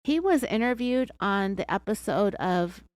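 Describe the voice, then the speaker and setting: A woman's voice: medium pitch, lively intonation, a little slow, clean tone, dry recording. A woman with an American accent hosting a true crime podcast, telling the story in a sarcastic, chatty way. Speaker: podcast host.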